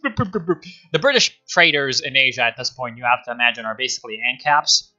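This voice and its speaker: A man's voice: mid-range voice, lively intonation, moderate pace, bright, forceful tone, dull audio, faint music behind. A man streaming a rambling, sardonic history chat, full of fillers and asides. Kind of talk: casual history talk on a live stream.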